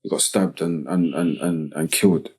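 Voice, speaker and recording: A man from Tottenham with a North London accent, telling a personal story as a podcast guest in slangy, halting speech full of "you get me" tags. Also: extremely low pitch, fairly even intonation, a little mellow, slightly rough. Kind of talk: casual storytelling interview.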